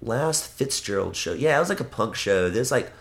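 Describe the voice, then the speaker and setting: A man's voice: medium pitch, animated, moderate pace, vocal fry. A young man in casual chat, telling stories with lots of swearing and acting out the voices of people in them.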